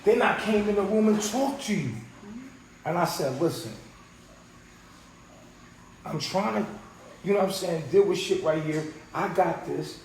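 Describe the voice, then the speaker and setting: A man's voice: sits high, unhurried, pauses often. A man talking heatedly and profanely in a casual group conversation, acting out what people said. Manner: animated, profane, retells quotes. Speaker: podcast host. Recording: roomy echo with faint noise.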